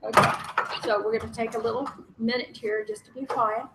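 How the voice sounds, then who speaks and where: A woman's voice: fairly high pitch, level tone, brisk, heavy background noise. Candid, laughing woman leading a workshop. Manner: candid, self-deprecating, laughs often. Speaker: workshop facilitator. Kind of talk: conference workshop facilitation.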